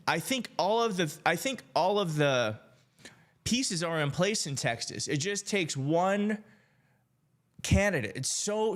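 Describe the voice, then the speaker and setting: A man from Michigan hosting a political live stream, chatting casually and excitedly with his viewers. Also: a little high. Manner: upbeat, hyped, addresses chat directly, laughs often. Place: home setup in D.C.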